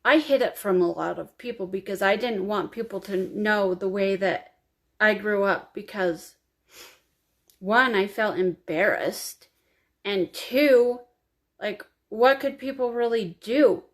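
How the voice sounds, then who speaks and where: A woman telling her own life story to camera, confiding and emotional, crying as she speaks. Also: mid-range voice. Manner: emotional, confiding, slow and halting. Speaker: vlogger.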